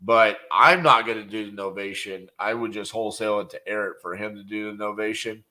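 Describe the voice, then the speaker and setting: A man hosting a casual live stream, chatting and leaving upbeat voicemails to sellers. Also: fairly low pitch. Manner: relaxed and chatty, quick laughs, upbeat on calls. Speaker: real estate wholesaler and channel host.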